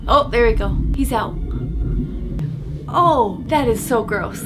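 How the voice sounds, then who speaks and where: A woman giving excited, giggly commentary while reacting to a movie. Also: a little high, takes it slowly, noisy background. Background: film soundtrack music.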